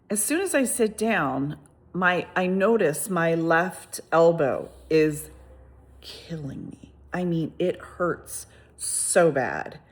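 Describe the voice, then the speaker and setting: A woman casually telling a personal story on her vlog. She rambles with frequent restarts and asides and retells events in a lively, exclamatory way. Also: lowish voice.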